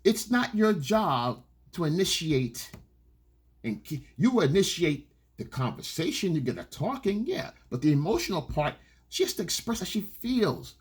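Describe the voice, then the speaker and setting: A man's voice: fairly high pitch, sing-song, moderate pace, breathy edge. A man giving blunt, profane dating advice in an unscripted coaching monologue, repeating his points and acting out quoted lines.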